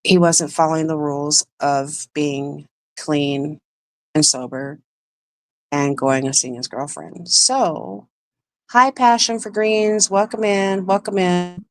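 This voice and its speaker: Low-voiced woman on a candid livestream. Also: slow. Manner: emotional, rambling, greets chat viewers mid-story. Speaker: livestream host.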